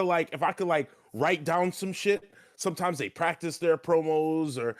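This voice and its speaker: A young man is streaming and chatting casually, his voice fairly high and his pace moderate with few pauses. He's a streamer and wrestling trainee who talks loosely, swears plenty, and leans heavily on filler "like."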